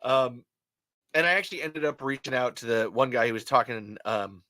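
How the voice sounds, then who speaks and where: A man hosting a podcast in casual chat, telling stories in an excitable, rambling way with stammered restarts and swearing. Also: mid-range voice, moderate pace, no echo. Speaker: podcast host.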